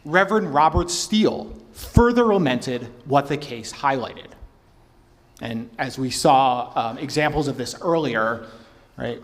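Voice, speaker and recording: A man giving formal testimony as a historian, speaking in a measured way and reading quotations aloud. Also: mid-range voice. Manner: measured, quotes sources aloud. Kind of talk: formal public talk with read quotations. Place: public hearing hall. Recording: reverberant hall.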